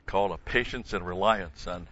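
Low bright-toned preacher, lo-fi. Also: male voice, normal speed, slight background noise. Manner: emphatic, rises in pitch and volume when reading scripture. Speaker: pastor. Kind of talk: sermon with scripture reading. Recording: dull lo-fi sound.

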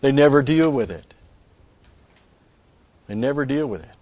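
A man's voice: mid-range voice, lively intonation, unhurried, a little mellow, no room sound. A man giving a rambling Bible teaching, stressing key words and restarting his sentences. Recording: dull lo-fi recording.

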